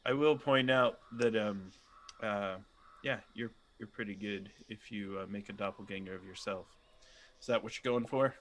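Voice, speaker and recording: A man with a bright, forceful voice runs a tabletop game as game master. His narration is loose and rambling, full of ums and uhs. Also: fairly low pitch, normal speed.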